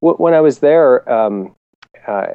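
A man's voice: mid-range voice, expressive, slow, phone-quality sound. A man co-hosting a casual marketing podcast, rambling with restarts and laughter. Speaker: podcast co-host. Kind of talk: casual chat.

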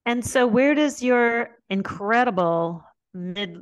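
A woman's voice: fairly high pitch, lively intonation, slow, clear, resonant tone, dry recording. A woman hosting an interview podcast, asking questions and reacting encouragingly. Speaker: podcast host. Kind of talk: casual interview.

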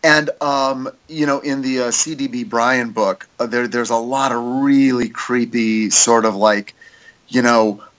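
A man talking in a casual podcast chat. His voice sits at a middle pitch. He rambles and is animated, and he uses many fillers. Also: unhurried, rough recording.

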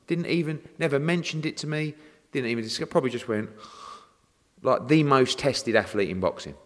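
A man, a boxing promoter talking in a casual interview, animated and swearing freely as he rants. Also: medium pitch, a little fast. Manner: animated, swearing, ranting with acted-out exchanges. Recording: long reverb.

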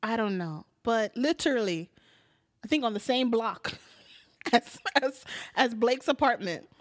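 A woman co-hosting a casual chat about a TV show. She delivers sassy, emphatic commentary in a voice pitched on the high side. The recording sounds dry and close. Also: animated, unhurried, dry recording. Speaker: co-host.

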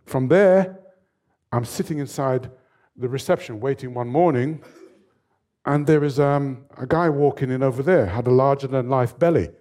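A man in his seventies, a fitness trainer telling stories as an interview guest in a lively, animated way. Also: medium pitch, moderate pace. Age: 70s. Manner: lively, animated storyteller who laughs often. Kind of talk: storytelling in an interview.

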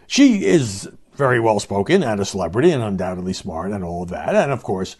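A man's voice: lowish voice, sing-song, fairly quick, darkish tone, breathy edge. A man hosting a solo podcast, giving commentary with wry, mocking asides. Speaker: podcast host.

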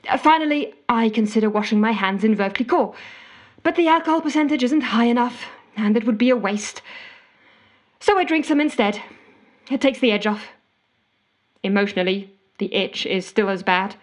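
A frazzled, wry narrator. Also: female voice, a little high, fairly bright tone. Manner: wry, exasperated storytelling. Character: frazzled, desperate woman with wry humor. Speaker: narrating character. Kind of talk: comedic audio drama monologue.

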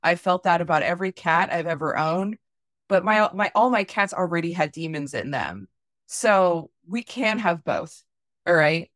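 A woman chatting on a podcast with a rambling, wry delivery and frequent restarts. Her voice is on the lower side and recorded dry and close. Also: lively intonation, moderate pace, fairly bright tone, no room sound. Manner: rambling, self-interrupting, wry. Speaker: podcast co-host. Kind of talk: casual podcast chat.

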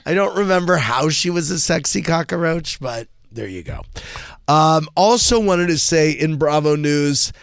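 A man's voice: fairly high pitch, lively intonation, unhurried, vocal fry, clear, resonant tone, dry recording, clean studio sound. A middle-aged man hosting a podcast, telling gossipy stories in a casual, chatty way with lots of fillers. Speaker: podcast host.

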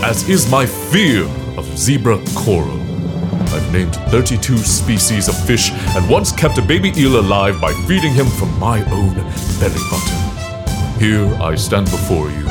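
A man's voice: fairly low pitch, sing-song, unhurried, loud music behind the voice. A man playing a pompous Victorian sea captain. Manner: grandiose, theatrical proclamations. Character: pompous Victorian male sailor-scientist leader.

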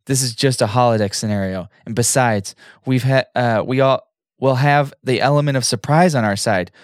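A man's voice: mid-range voice, moderate pace, dry recording, clean studio sound, natural voice. A man reading the lines of a smug, scheming male alien trader from a script in a plain voice. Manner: read aloud plainly, half-laughing.

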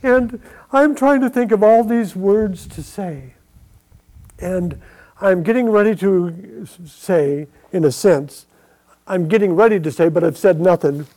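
A man earnestly telling his own near-death story in a slow, emotional testimony. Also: sits high, dark tone. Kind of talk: personal testimony.

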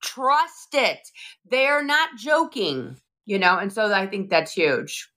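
A middle-aged woman co-hosting a casual live-stream chat, telling stories with animated back-and-forth. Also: medium pitch, takes it slowly. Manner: animated storyteller acting out both sides. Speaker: co-host.

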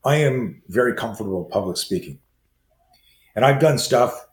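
A man in his sixties, a self-defense trainer, telling stories as a guest and acting out quoted dialogue in a lively way. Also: medium pitch. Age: 60s. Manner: acts out quoted dialogue, fast lively delivery. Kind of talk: animated storytelling in conversation. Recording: roomy echo with faint ambience.

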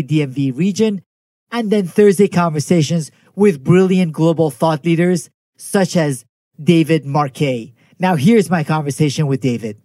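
A man's voice: on the high side, dark tone, no room sound, studio quality. A man hosting an interview podcast, welcoming and praising his guest with enthusiasm. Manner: enthusiastic, complimentary. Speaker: podcast host.

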